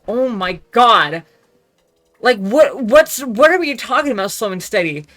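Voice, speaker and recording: A young man from Texas, ranting loudly in a profane, rambling monologue full of restarts. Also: high-pitched, expressive, unhurried, soft background music. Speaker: vlogger.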